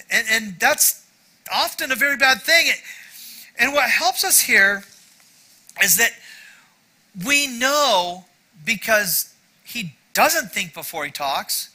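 A man's voice: very high voice, pushed and bright, poor audio. A middle-aged male pastor giving a sermon in a conversational, self-deprecating way, with frequent asides to the congregation.

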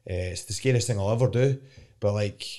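Young Scottish fighter, lowish voice, frank and meandering in a sit-down interview. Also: male voice, a little fast, dark tone. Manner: candid, rambling, swears casually. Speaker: professional fighter. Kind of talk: casual interview chat.

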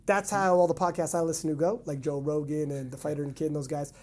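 A man's voice: on the high side, fairly even intonation, quick pace, few pauses, a little mellow. A man from Canada hosting a casual podcast, teasing and laughing often as he talks. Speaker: podcast host.

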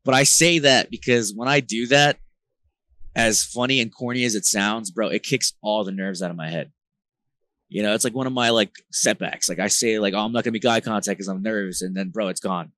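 A man from New Jersey, a band vocalist, talking as a podcast guest in a rambling, slang-filled way with lots of fillers, getting animated as he tells stories. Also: lowish voice, normal speed, dry recording. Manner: rambling, filler-heavy slang talk with frequent "like" and "bro"; animated, gets louder when retelling tense moments. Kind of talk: casual conversational storytelling.

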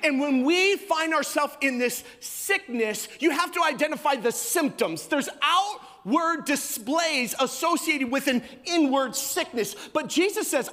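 A fairly high-voiced man in his thirties preaches to a congregation, slipping into acted-out voices and bursts of shouting as he tells his story. His voice rings with the long reverb of a large hall. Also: animated, a little slow, few pauses. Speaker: pastor. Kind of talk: sermon.

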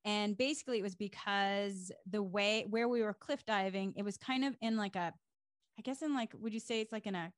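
A middle-aged woman co-hosting a podcast, recounting a personal story in casual, animated fashion with many fillers. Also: mid-range voice, fairly quick, no room sound, clean studio sound. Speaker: podcast co-host.

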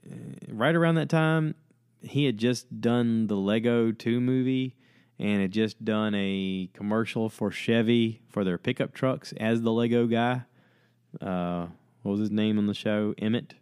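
Man, casual solo talk, rambling, smooth resonant voice, dry close sound. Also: on the low side, no room sound. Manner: rambling, chatty, acts out quotes in his retellings. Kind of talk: casual monologue.

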